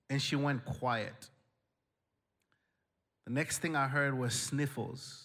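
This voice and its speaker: A male pastor preaching a sermon, telling a story with humor and lively animation. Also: medium pitch, a little slow, long pauses.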